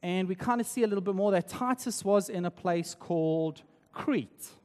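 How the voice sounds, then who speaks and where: South African-raised pastor in reverberant hall. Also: male voice, high voice, moderate pace, a little mellow. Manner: conversational, tag questions like "right?". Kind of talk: sermon.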